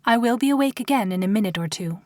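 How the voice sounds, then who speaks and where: A man voicing a calm, courteous female robot who sounds almost human, in a dry audiobook recording. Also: high-pitched, no echo, pitched above the performer's own voice. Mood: calm polite. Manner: soft, courteous, evenly measured. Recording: dry close studio audio.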